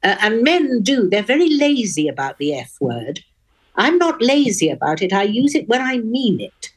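A woman's voice: fairly high pitch, sing-song, moderate pace, breathy edge. Frank posh older Englishwoman. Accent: upper-class English (Oxford). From England. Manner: frank, witty, posh diction. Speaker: guest. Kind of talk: radio interview.

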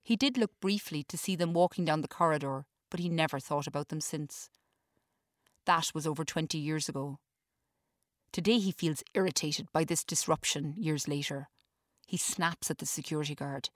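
A woman reading her own story aloud in a measured narrating style. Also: deep voice, no room sound, clean studio sound.

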